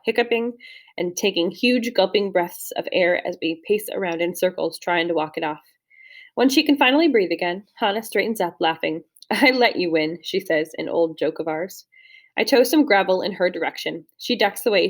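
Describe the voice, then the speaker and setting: A young adult woman narrating a first-person novel as an audiobook reader, in a steady storytelling read with the odd slip and restart. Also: fairly low pitch.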